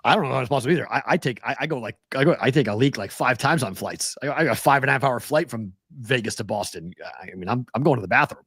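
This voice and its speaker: A man's voice: mid-range voice, lively intonation, quick pace, hardly any pauses, fairly bright tone, slightly rough, no echo, clean studio sound. A man hosting a podcast in casual chat, rambling and often repeating his words. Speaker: podcast host.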